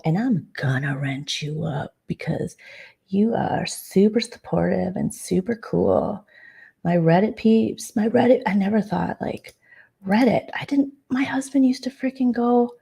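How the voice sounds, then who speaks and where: A woman's voice: medium pitch, vocal fry, dark tone, slightly rough. A woman vlogger chatting casually and rambling, with many fillers and restarts. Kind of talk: casual late-night chat.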